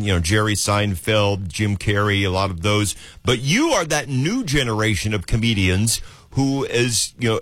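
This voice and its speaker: A man's voice: medium pitch, a bit bright, no echo. A man hosting a radio interview, chatty and playful, with enthusiastic banter. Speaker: radio host.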